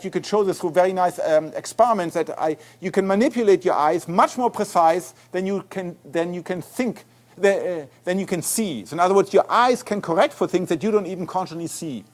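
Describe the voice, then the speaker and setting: High-voiced man with a German accent. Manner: animated, explanatory, frequent restarts and repeated words. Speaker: guest lecturer, neuroscientist. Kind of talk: academic lecture. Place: lecture hall.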